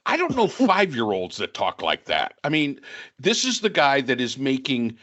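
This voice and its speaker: A man's voice: fairly high pitch, wildly swooping pitch, moderate pace, fairly bright tone. A man talking on a podcast panel in a casual political discussion, opinionated and sarcastic, rambling with restarts. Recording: dull lo-fi sound.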